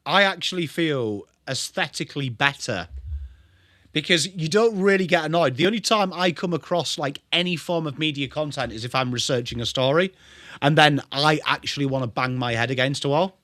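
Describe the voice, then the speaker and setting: A man's voice: on the high side, expressive, normal speed, sharp tone, dry recording, clean studio sound. A young English man hosting a live football watchalong, calling the play and greeting viewers in a chatty way. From England. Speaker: livestream host.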